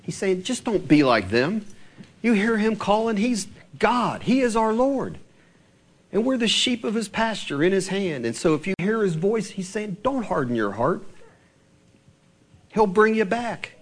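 Emphatic male preacher, fairly high voice. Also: expressive. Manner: emphatic preaching, reads scripture aloud with slow stresses. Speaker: pastor. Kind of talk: sermon.

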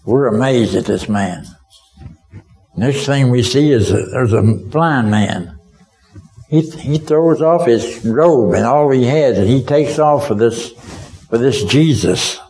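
A man's voice: mid-range voice, expressive, takes it slowly, mellow, low-quality recording. A man preaching a sermon as a vivid story, speaking as a witness and asking his listeners directly whether they can see it.

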